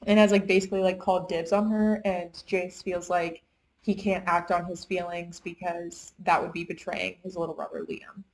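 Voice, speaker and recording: A woman's voice: fairly low pitch, little pitch movement, moderate pace, darkish tone, low-quality recording. A young woman in casual chat, retelling a book plot in a chatty way with lots of "like". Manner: chatty retelling, heavy use of "like". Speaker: book reviewer.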